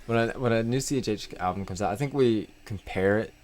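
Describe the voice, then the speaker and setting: A man co-hosting a podcast in casual chat, chatty and quick to laugh, with lots of fillers. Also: lowish voice, a little mellow. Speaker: podcast co-host.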